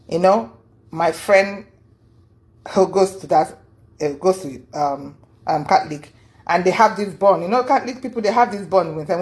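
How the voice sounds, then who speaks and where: A woman's voice: on the low side, darkish tone. A woman telling a long personal story in a casual monologue. She is earnest and aggrieved, and often repeats and restarts words as she goes. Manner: rambling, repeats and restarts words while recounting events. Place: lives in the United States.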